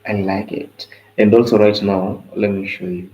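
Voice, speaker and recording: A man's voice: on the low side, level tone, normal speed, darkish tone, dull audio, slight background noise. A young man with a tired voice, casually talking through forex charts on a live stream. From Kenya. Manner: loose, chatty, mixes in Swahili phrases. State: tired, voice going. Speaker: forex trading analyst.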